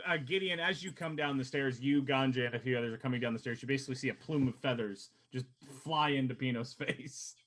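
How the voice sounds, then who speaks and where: A man's voice: mid-range voice, quick pace, few pauses, fairly bright tone. A man narrating as game master of a tabletop game, casual and laughing easily. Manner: casual, chatty, laughs often.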